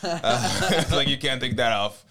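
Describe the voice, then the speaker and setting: A man from Cameroon, a comedian, chatting as a guest in a relaxed, joking way. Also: medium pitch, unhurried. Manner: relaxed and joking, with easy laughs. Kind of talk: casual chat.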